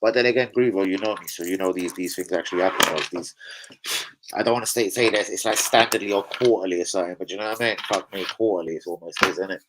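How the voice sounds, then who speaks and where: Swearing lad on a live stream. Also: male voice, low voice, fast, noisy background. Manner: swearing, chatty, laughs often, answers chat. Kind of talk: casual live stream chat.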